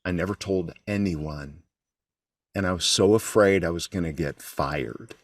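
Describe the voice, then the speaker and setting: A middle-aged man speaks in a very low voice, recorded dry with no room sound. He is a guest on an interview show, telling a candid, self-deprecating story and often restarting his sentences. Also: measured pace, no room sound.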